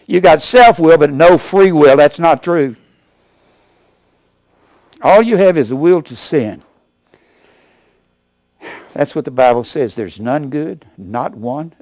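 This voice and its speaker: A man in his seventies preaching a sermon as pastor, with emphatic rises and sudden low asides. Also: no room sound. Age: 70s. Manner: emphatic preaching, rising to loud punches then dropping low.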